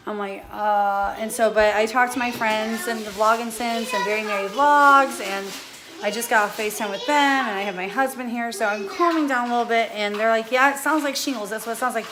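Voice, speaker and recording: A woman's voice: fairly high pitch, fairly quick, fairly bright tone, slight background noise. Anxious chatty woman in her thirties. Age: 30s. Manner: chatty, anxious, rambling storytelling. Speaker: vlogger. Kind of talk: casual vlog rant. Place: home with family nearby.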